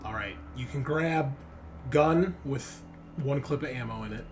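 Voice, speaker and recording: A man running a tabletop game as game master, relaxed and joking, often pausing with fillers. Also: mid-range voice, soft background music.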